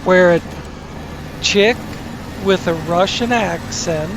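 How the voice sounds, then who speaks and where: Man, gaming host, unhurried rambling commentary, slightly high voice, engine noise under him. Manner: rambling, self-correcting, crude asides.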